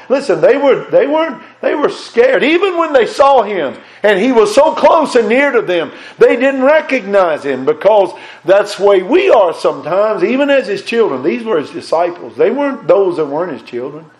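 A man preaching a sermon in a fairly high voice. He is fervent and emphatic, often repeating words as he goes. He swings from raised, urgent lines down to hushed ones. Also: big pitch swings, normal speed, hardly any pauses, low-quality recording.

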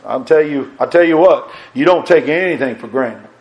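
A man preaching a sermon, fervent and emphatic, repeating words and swinging between raised and hushed delivery. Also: on the high side, moderate pace, rough recording.

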